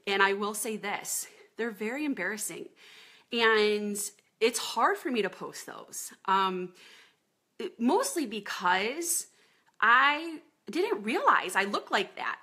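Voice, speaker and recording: A woman's voice: a little high, bright, forceful tone, breathy edge. A woman in her thirties, a fitness coach chatting casually on a live video from her home office, greeting viewers by name as she talks.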